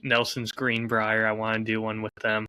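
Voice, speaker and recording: A man with a mid-range voice and a bright, forceful tone, recorded close and dry with no room sound. He speaks earnestly and hesitantly in casual podcast chat, often pausing to find his words. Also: fairly low pitch, completely flat delivery, clear, resonant tone, no echo. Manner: hesitant, lots of ums and restarts, earnest. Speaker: podcast co-host.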